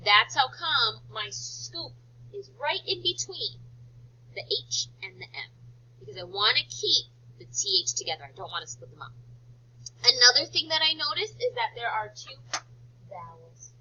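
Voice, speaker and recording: A woman teacher giving a phonics lesson to young children, talking slowly in an exaggerated, sing-song way. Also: high voice, big pitch swings, sharp tone, husky. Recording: dull lo-fi recording.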